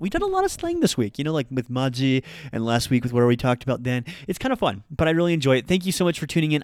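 A man's voice: medium pitch, darkish tone, no echo, clean studio sound. A man giving a casual online language lesson, chatty and upbeat with rambling asides. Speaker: Japanese teacher.

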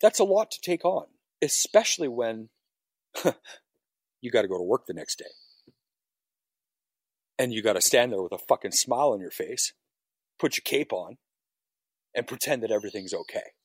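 A man's voice: medium pitch, very animated, moderate pace, long pauses, slightly rough, no room sound. A firefighter being interviewed, telling his story in a raw, emotional way with frequent swearing. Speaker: firefighter guest. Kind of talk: personal story on a podcast.

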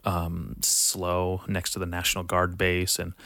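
A man's voice: low voice, completely flat delivery, unhurried, creaky, sharp tone, no echo. A young man talking casually, telling a rambling, profane story with lots of fillers. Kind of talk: casual chat.

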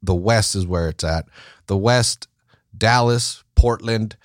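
A man's voice: lowish voice, slow pace, dry recording, clean studio sound. A man hosting a soccer podcast, ranting casually with lots of swearing and false starts. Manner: profane, ranting, with many restarts. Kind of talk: casual sports talk.

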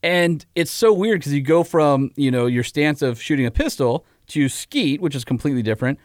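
A man with a clear, resonant, somewhat high voice chats casually on a podcast. He is enthusiastic and rambles, with plenty of fillers. The sound is dry and close to the mic. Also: lively intonation, normal speed, no room sound. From California. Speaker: podcast co-host. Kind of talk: casual chat.

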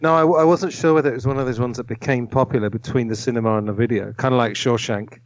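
A man's voice: mid-range voice, steady tone, fast talker, dry recording. A man chatting as a podcast guest, hesitant and chatty, with quips. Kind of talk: casual chat. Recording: dull lo-fi mic.

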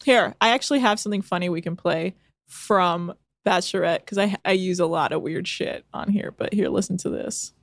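A woman's voice: on the low side, fairly quick, vocal fry, no echo, studio quality. A young woman co-hosting a casual podcast, recapping a reality show in a chatty, sarcastic way and laughing often. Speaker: podcast co-host.

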